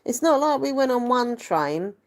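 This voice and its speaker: A woman's voice: fairly high pitch, very animated, normal speed. A young woman, chatting casually to camera in a rambling, self-deprecating way. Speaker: vlogger.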